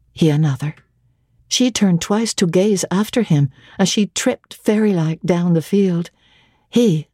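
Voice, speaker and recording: A woman giving a measured, expressive dramatic reading of a classic novel on a close microphone. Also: lowish voice, breathy edge, no echo.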